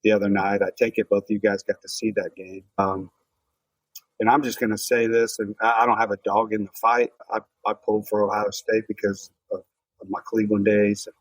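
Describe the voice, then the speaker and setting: A man hosting a podcast in casual sports chat, measured and reflective as he builds on the others' points. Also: fairly low pitch, little pitch movement, dry recording, low-quality recording. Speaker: podcast host.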